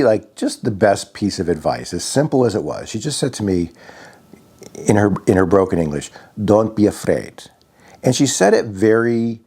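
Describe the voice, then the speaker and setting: A man from Connecticut telling a personal story in a reflective, halting way, often restarting his sentences. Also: deep voice, mellow, husky. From Connecticut, USA.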